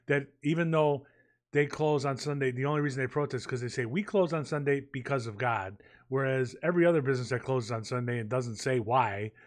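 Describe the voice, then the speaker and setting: A man in his fifties co-hosts a podcast in easy, casual chat. He pokes fun at his partner and drops in wry asides. His voice sits at an ordinary middle pitch. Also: dry recording. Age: 50s. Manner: teasing, quick to jump in with wry asides. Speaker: podcast co-host.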